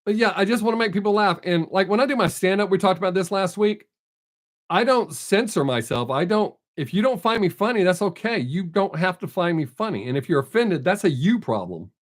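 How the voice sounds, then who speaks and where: A man's voice: high-pitched, lively intonation, brisk. A man chatting casually on a live stream, answering viewers bluntly and without a filter. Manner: blunt, unfiltered, reads out viewer names.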